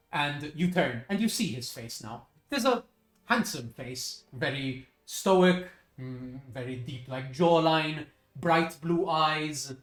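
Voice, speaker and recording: A man's voice: a little high, fairly bright tone. Man narrating as game master, echoey room. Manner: casual, with fillers and self-corrections. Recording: echoey room, faint music.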